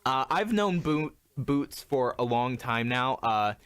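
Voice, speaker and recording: Young male host, mid-pitched, easygoing, stumbling through casual chat. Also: takes it slowly, smooth. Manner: relaxed, hesitant, many restarts and laughs. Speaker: podcast host.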